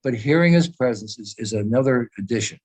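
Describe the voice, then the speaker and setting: A man's voice: medium pitch, animated, brisk, slightly rough, rough recording. An older man talking over a video call as a guest speaker, earnest and emphatic, wandering through thoughts with frequent restarts. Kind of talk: conversational video-call talk.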